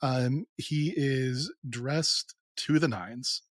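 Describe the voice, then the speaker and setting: A man describing his character as a player in a tabletop game, relaxed, with many ums and uhs. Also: medium pitch, very slow, no room sound, poor audio.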